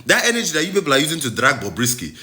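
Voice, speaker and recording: A Nigerian man delivers a passionate commentary with a bright, forceful tone. His pitch swings widely as he repeats phrases and presses each point like a sermon. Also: huge pitch swings, racing. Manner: impassioned, rhetorical, preachy, repeats phrases for emphasis. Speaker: host.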